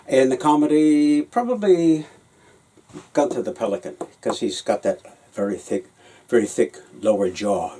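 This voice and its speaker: A puppeteer telling stories about his work in a relaxed, hesitant way, with many fillers and restarts. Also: mid-range voice, poor audio. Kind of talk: anecdotal storytelling.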